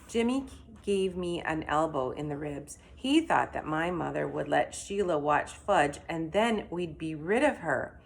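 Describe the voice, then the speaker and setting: Expressive woman reading a story aloud. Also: deep voice, measured pace, creaky, few pauses. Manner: expressive, animated. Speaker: reader.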